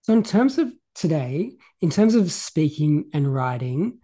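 A man's voice: on the high side, big pitch swings, measured pace, warm tone, husky. A man interviewing a guest in casual chat, mostly offering brief murmurs of agreement. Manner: brief back-channel murmurs.

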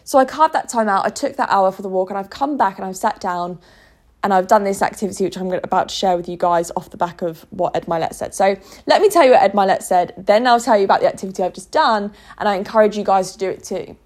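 A woman's voice: mid-range voice, quick pace, a little mellow. A woman talking to camera in an earnest, emotional vlog monologue, often restarting her sentences. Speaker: vlogger.

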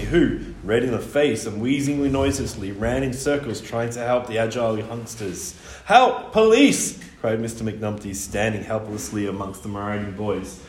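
A man reading a children's story aloud, animated, with wide swings in pitch and loudness. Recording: echoey room with faint ambience.

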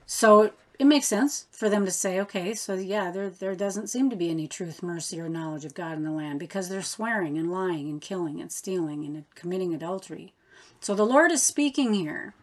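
A woman leading a casual Bible study, reading verses aloud and explaining them in an unhurried way. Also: fairly low pitch.

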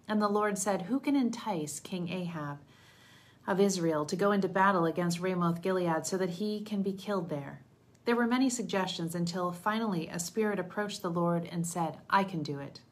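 A woman reading scripture aloud at a steady, measured pace, lightly voicing the quoted speech. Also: lowish voice. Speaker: Bible reader.

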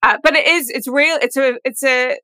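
A woman's voice: high-pitched, moderate pace, no echo. A woman, chatting casually and thoughtfully as a podcast guest. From England. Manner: animated, thoughtful, trained actor. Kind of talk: casual chat.

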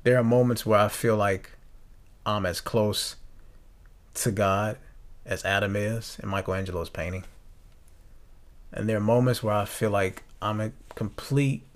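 A young man hosting a podcast, talking earnestly and reflectively, often halting and restarting his sentences. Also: lowish voice, steady tone. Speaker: podcast host. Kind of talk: reflective personal talk.

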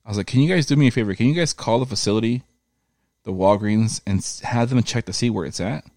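Low-voiced man telling a profane story. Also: fast, dry recording, studio quality. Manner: profane, animated retelling with quoted voices. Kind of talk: casual storytelling chat.

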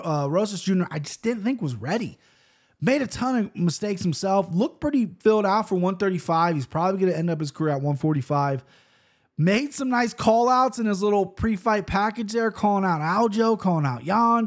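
A show host in his thirties gives casual MMA betting commentary, rambling loosely through fight results in a slightly high, expressive voice. He talks fast, trips over words, restarts often, and swears now and then while rushing through his picks.

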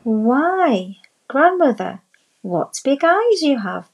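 A woman voicing an innocent little girl in a red hood in a storybook reading, high-voiced and polite. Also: sing-song, slow, highs cut off, faint music behind, full character voice. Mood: wondering.

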